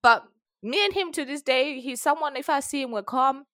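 A young woman, telling a story in a frank, animated way while chatting as a podcast co-host. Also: high voice, moderate pace, no echo, clean studio sound. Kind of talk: casual chat.

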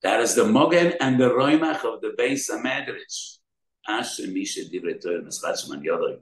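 A man's voice: lowish voice, animated, moderate pace, roomy sound, rough recording. A man giving an emphatic Torah sermon in English, weaving in Hebrew terms and asking rhetorical questions. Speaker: rabbi giving a Torah talk.

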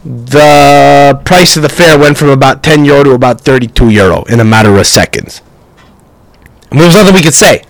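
Profane rambling podcast host. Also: male voice, medium pitch, a little fast, vocal fry, no echo, poor audio. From Canada. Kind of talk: casual storytelling rant.

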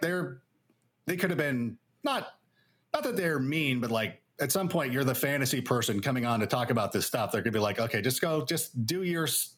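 Male interview guest, chatty and rambling, lively storyteller, plenty of "like" and restarts. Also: mid-range voice, slightly rough. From Los Angeles area. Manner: rambling, animated storyteller with many fillers. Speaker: guest analyst. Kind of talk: casual interview chat.

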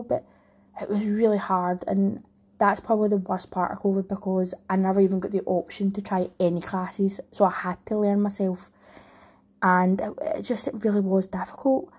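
A young woman with a Scottish accent talks candidly and at length, her thoughts tumbling out with many restarts. Her voice is mellow and warm, with a husky, breathy edge. She sounds like someone sharing a personal story straight to camera. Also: mid-range voice, little pitch movement, moderate pace. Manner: rambling, heartfelt, frequent restarts. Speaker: vlogger, new mum.

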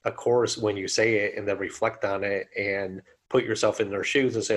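A man's voice: fairly low pitch, fairly even intonation, normal speed, few pauses. A man co-hosting a podcast, talking reflectively and building his points in long, piled-up lists. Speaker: podcast co-host. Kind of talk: casual chat.

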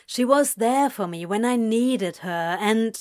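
A woman voicing a blunt, grumbling husband and new father, louder and with a shifted tone. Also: high-pitched, expressive, takes it slowly, smooth. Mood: gruff.

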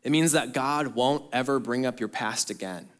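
At a normal speed, a pastor earnestly preaches directly to his congregation. His delivery rises into emphatic bursts, then falls away soft and low.

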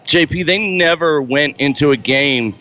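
A man's voice: a little high, a little slow, sharp tone, soft background music, poor audio. A man who once played pro football, giving earnest, emphatic analysis as a guest on a sports talk show.

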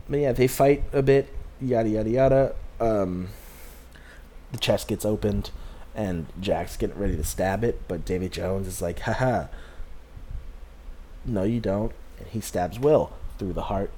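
A man's voice: lowish voice, warm tone, a little hiss or hum. A young man giving a casual, rambling movie recap, chatty and full of filler words and little chuckles. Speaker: movie reviewer.

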